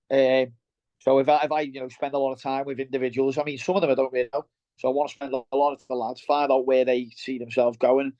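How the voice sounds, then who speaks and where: Middle-aged merseyside bloke, blunt and matey, rattles along fast, dull dry recording. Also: male voice, medium pitch, warm tone, no room sound. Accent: Merseyside English. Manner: blunt, down-to-earth, keeps saying "mate". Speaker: guest, welder turned operations head. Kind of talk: casual interview chat. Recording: dull lo-fi sound.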